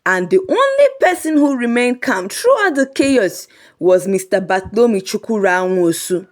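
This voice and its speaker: A woman narrating a comic folk story in a lively, humorous way. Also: mid-range voice, normal speed.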